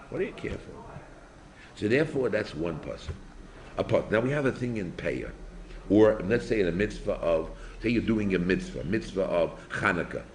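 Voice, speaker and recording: An older man, a rabbi teaching a yeshiva class in an informal lecture, asking his students animated rhetorical questions. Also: fairly low pitch.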